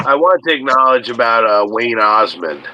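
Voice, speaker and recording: A man's voice: mid-range voice, animated, moderate pace, bright, forceful tone, lo-fi sound, a little hiss or hum. A man chatting casually as a guest on a live show, enthusiastic and filling his talk with hesitant fillers. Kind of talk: casual chat.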